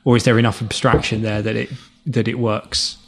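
A man's voice: lowish voice, little pitch movement, a little fast. A man co-hosting a tech podcast, asking tentative, searching questions. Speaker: podcast co-host. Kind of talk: casual tech chat.

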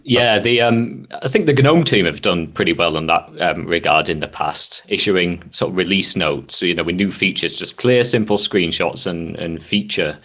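Male co-host, lowish voice, brisk anecdotal tech chat. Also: a bit bright. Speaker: podcast co-host.

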